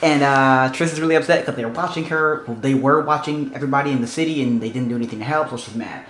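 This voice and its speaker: A man vlogging casually about a book he is rereading, gushing and excitable, full of "like" and "y'all". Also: mid-range voice, fast talker, slight background noise. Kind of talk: casual reading vlog. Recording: roomy echo.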